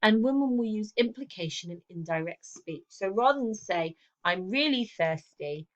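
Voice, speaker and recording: Woman, mid-pitched, English teacher talking students through revision notes, explanatory, lots of "okay". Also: expressive, moderate pace, lo-fi sound. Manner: explanatory, checks in with frequent "okay" and "um". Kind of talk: recorded revision lesson.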